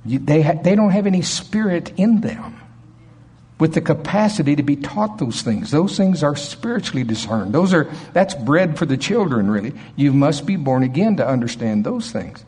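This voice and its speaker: A man preaching a sermon in an animated way, acting out voices with sudden jumps in pitch. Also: moderate pace, slightly rough.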